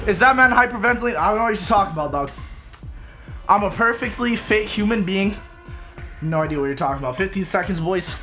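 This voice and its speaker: A young man streaming games live, chatting casually and excitedly to his viewers and joking as he goes. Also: sits high, quick pace. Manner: excitable, joking, keeps calling viewers boys and lads. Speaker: gaming streamer. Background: game and trailer music.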